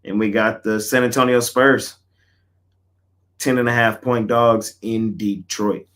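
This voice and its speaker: Laid-back low-voiced male picks host. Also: flat delivery, measured pace. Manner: laid-back, slangy, trails off quietly. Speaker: sports betting picks host. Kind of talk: casual picks chat.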